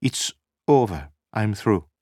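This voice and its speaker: A man voicing a nervous young woman in a spy story, husky and soft-spoken with a tremulous edge. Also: lowish voice, expressive, slow pace, dry recording, studio quality, voice pushed up. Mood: tense.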